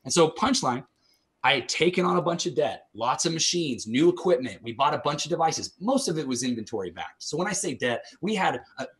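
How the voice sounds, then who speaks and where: A man in his thirties, an entrepreneur guest on a podcast, telling his story in an animated, energetic way and laughing often between asides. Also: fairly high pitch, brisk.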